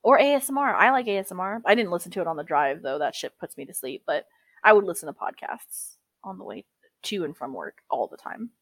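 A woman's voice: on the low side, expressive, a little fast, breathy edge, no room sound. A woman co-hosting a podcast in casual chat, talkative and profane, calling everyone girl. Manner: chatty, swears freely, calls everyone girl. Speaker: podcast co-host.

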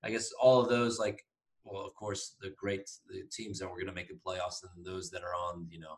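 A man's voice: deep voice, flat delivery, normal speed, rough recording. A man co-hosting a casual podcast, giving an upbeat, rambling rundown of news. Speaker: podcast co-host. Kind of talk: casual chat.

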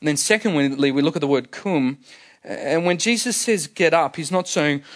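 A man preaching a sermon with a somewhat high voice. He explains scripture plainly, as if chatting with the congregation, and leans on repeated phrases to drive points home. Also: animated, normal speed. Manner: emphatic, repeats key phrases for effect.

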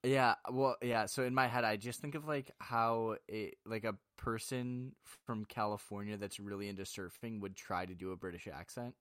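A young man co-hosting a podcast in casual chat, animated and jokey, often repeating himself. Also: fairly low pitch, moderate pace, hardly any pauses, clear, resonant tone, no echo. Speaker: podcast co-host.

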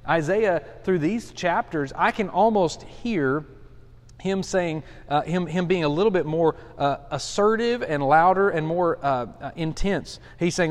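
A man's voice: on the high side, unhurried. A man in his forties, a pastor, teaching a Bible study in a casual, earnest way with frequent restarts and fillers. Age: 40s. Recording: long hall reverb.

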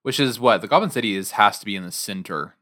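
Man with a low, bright, forceful voice. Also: animated, fast. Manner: enthusiastic, conversational, says "dude". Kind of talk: casual podcast chat.

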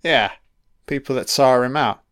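Slow, croaky-throated man, swearing. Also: mid-range voice, fairly bright tone, no echo, clean studio sound. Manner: profane, talks back at the screen. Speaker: film commentator. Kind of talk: casual film commentary.

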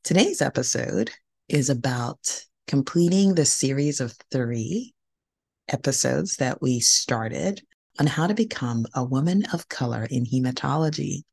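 A woman's voice: extremely low pitch, animated, a little slow, gravelly, a little mellow, husky. A woman hosting a podcast, giving an earnest, emphatic motivational talk and repeating key phrases for encouragement. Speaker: podcast host and hematologist.

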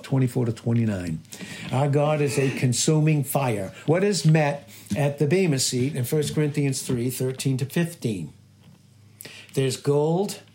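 Over a faint hiss or hum, a pastor with a mid-range, slightly mellow voice preaches emphatically. He repeats and underlines key phrases while asking his audience rhetorical questions.

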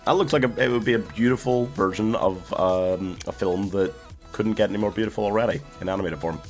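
A man's voice: lowish voice, a little fast, faint music behind. A man hosting a solo movie podcast, chatting casually and laughing often. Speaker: podcast host.

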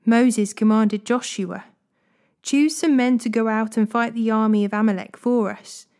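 A woman reading Bible passages aloud in a steady, measured way. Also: fairly high pitch. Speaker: Bible reader. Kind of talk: scripture reading.

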